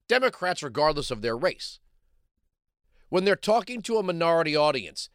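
Man, talk show host, opinion monologue, sarcastic, combative, slightly high voice, forceful. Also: no room sound, studio quality.

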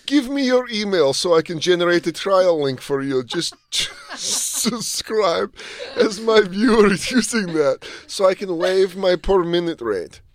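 Man voicing a sweet-talking young cam-girl scammer, hushed and coaxing, comedic read of a chat transcript. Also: high voice, animated, a little slow, hardly any pauses, no room sound. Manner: reads chat messages aloud in a hushed, coaxing tone.

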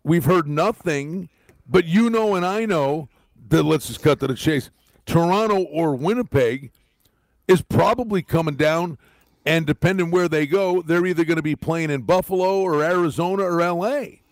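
A man's voice: fairly high pitch, normal speed, no room sound. A man co-hosting a sports radio show, giving firm opinions on hockey in casual talk. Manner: opinionated, animated when making a point.

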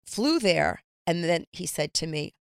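Middle-aged woman, chatty guest, candid storytelling, lowish pitch, dry room. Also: sing-song, unhurried, creaky, smooth, no room sound. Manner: chatty, candid, acts out quoted voices. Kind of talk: casual storytelling.

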